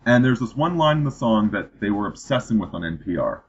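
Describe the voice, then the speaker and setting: A man's voice: on the low side, sing-song, brisk, few pauses, a little hiss or hum. A man hosting a casual political chat, rambling and restarting his sentences with repeated words. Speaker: podcast host. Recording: dull lo-fi podcast audio.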